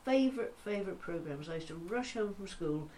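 An older woman presenting a talking newspaper, chatting to listeners in a fond, gently humorous way. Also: fairly low pitch, lively intonation, brisk, slight background noise. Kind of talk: casual chat to listeners.

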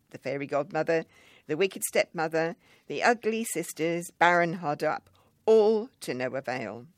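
A storyteller reading a memoir story aloud in a wry, measured way, recorded close and dry. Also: mid-range voice, no room sound.

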